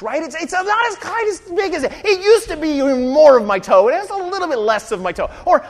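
Animated woman preaching in a big hall. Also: high-pitched, fairly quick, few pauses. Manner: animated, conversational, keeps asking "right?". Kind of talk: sermon.

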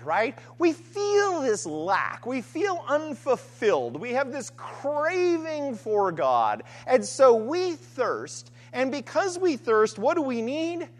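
A woman delivers a sermon with pitch that leaps wildly between high and low. She asks rhetorical questions and circles back to repeated refrains. Her voice rings out with a long reverb, as in a large hall. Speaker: preacher.

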